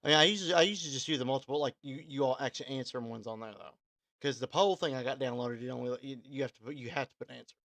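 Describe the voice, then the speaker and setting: A man's voice: medium pitch, rapid-fire, fairly bright tone, no echo. A man from Kentucky, hosting an online radio show and signing off in a rambling, casual way. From Kentucky, USA. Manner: rambling, full of ums and restarts. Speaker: radio host and DJ. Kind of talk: casual live-stream sign-off.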